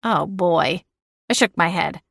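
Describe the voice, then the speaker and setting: A woman reading a first-person audiobook, narrating with expressive, exasperated dialogue. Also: fairly low pitch, takes it slowly, gravelly, slightly rough, no room sound, studio quality.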